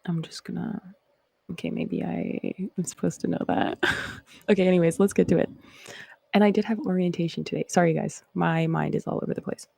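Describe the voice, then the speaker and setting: A woman's voice: lowish voice, lively intonation, brisk, gravelly, a little mellow, dry recording. A Canadian woman hosting a live stream, chatting casually with viewers in a rambling, reflective way before reading scripture aloud.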